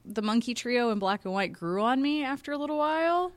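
A woman's voice: on the high side, expressive, fairly quick, no room sound. A woman casually chatting about video games on a podcast, opinionated and thinking aloud as she talks.

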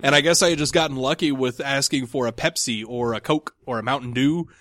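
A man's voice: mid-range voice, a little fast, a bit bright, no echo, studio quality. A man hosting a podcast, chatting casually and telling a long rambling story with many restarts. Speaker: podcast host. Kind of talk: casual chat.

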